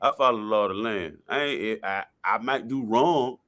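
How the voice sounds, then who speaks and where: A man's voice: fairly low pitch, normal speed, a bit bright. A man talking casually and bluntly, explaining his view at length with repeated points and slang. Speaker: guest speaker. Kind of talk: casual discussion.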